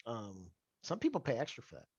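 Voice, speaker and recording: A man's voice: medium pitch, wildly swooping pitch, fairly quick, breathy edge, dry recording, lo-fi sound. A man interviewing a guest over a video call, in a chatty, joking way with frequent restarts. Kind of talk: casual conversational interview.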